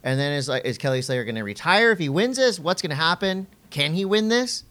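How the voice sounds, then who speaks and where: Animated middle-aged man telling surf stories. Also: fast talker. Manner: animated storytelling, acts out quotes in a high voice. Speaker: podcast co-host and surf commentator. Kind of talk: casual podcast chat.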